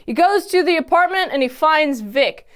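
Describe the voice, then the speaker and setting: A woman giving a casual, animated recap of a TV episode, often exclaiming and acting out the characters' lines. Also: high-pitched, moderate pace. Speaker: TV episode reviewer.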